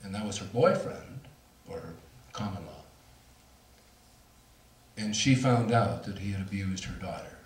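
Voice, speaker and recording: A man's voice: low-pitched, measured pace, pauses often. A middle-aged man speaking to an audience, telling a personal story in a candid, self-mocking way with laughs. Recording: roomy hall, voice from far off.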